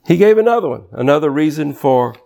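A man preaching a sermon in an animated, conversational way, reading scripture quickly and jumping sharply in pitch for emphasis. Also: vocal fry. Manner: reads scripture aloud quickly.

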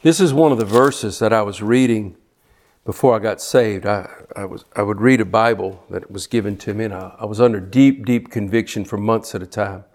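A man's voice: fairly low pitch, moderate pace, a little mellow. Fervent male preacher. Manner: fervent, pushes hard, repeats himself. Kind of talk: sermon.

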